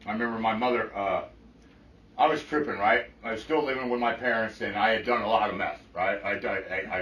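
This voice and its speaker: Man, middle-aged, recovery meeting testimony, blunt, profane, bright forceful voice, roomy echo. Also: fairly low pitch, dull audio, slight background noise. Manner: blunt and profane, often checks in with "right?". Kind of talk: personal testimony to a group. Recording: echoey room, mic from far off.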